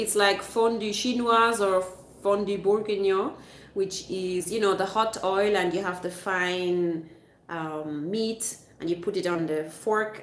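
On a casual livestream, a Swiss woman with a lowish voice reads her viewers' chat comments aloud and explains things at length, full of fillers and restarts. The room is echoey, with a little hiss or hum.

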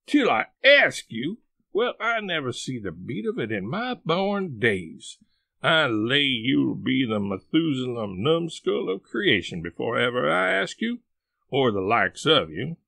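A man's voice: a little high, very animated, moderate pace, a bit bright, no room sound, heavily acted. A man voicing a fiery older Southern aunt, scolding and exclamatory, in a reading of a novel. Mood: indignant.

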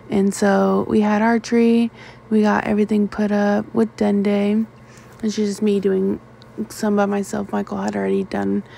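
A woman's voice: medium pitch, vocal fry, a little mellow. A young woman vlogger narrating a casual year recap over her clips, chatty and rambling with many ums and self-corrections.

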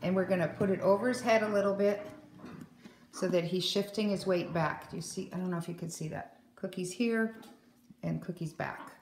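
A woman dog trainer explaining a grooming-table exercise, breaking into loud, excited praise and cues for the dog. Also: lowish voice, moderate pace, a little hiss or hum. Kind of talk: hands-on training demo.

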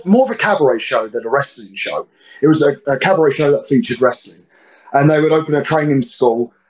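A man's voice: medium pitch, darkish tone, low-quality recording. A man in his thirties with a London accent, a guest telling blunt, slangy, swear-laden stories in a casual interview. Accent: London English. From England. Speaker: guest wrestler.

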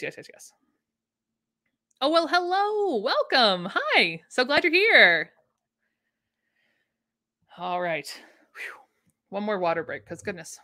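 Speaking in a fairly low, pushed, bright voice, this vintage sewing pattern host chats enthusiastically on a casual livestream. She answers comments from viewers while sitting in a home room.

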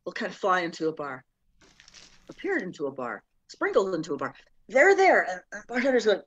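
A woman's voice: medium pitch, wildly swooping pitch, a little fast, a bit bright, slightly rough, lo-fi sound. A woman playing an improv joke game on a video call, doing playful character voices in her bar jokes. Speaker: improv player.

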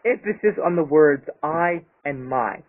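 A man's voice: on the high side, animated, measured pace. A man delivering an angry, profanity-heavy vlog rant about his channel. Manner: angry, profane, emphatic ranting. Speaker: YouTuber. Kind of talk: ranting vlog monologue. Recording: tinny phone-like sound.

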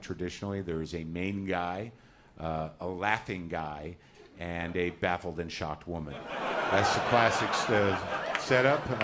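A man's voice: sits low, a little hiss or hum. A middle-aged man doing stand-up comedy, telling a neurotic, profane, self-deprecating story on a live stage. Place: theater stage before a live audience. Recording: live stage recording with loud crowd laughter.

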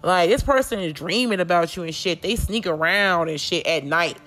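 A woman's voice: on the low side, normal speed, a bit bright, soft background music. A woman doing a casual tarot reading, talking bluntly and confrontationally with lots of swearing. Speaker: tarot reader.

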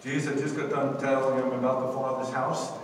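A man's voice: medium pitch, little pitch movement, fairly quick, slight background noise. A man preaching a sermon as pastor, emphatic with call-and-response, recorded from a distance in a church sanctuary. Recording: echoey hall from far off.

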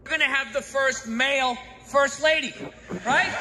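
A man performing a stand-up comedy set, ranting sarcastically and breaking into shouts. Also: very high-pitched, moderate pace. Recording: long hall reverb, audible noise.

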